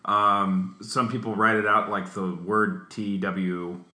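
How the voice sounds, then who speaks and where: A man's voice: lowish voice, level tone, slow, bright, forceful tone, roomy sound. A man hosting a casual music podcast, talking with many ums and restarts. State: chewing while talking. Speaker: podcast host.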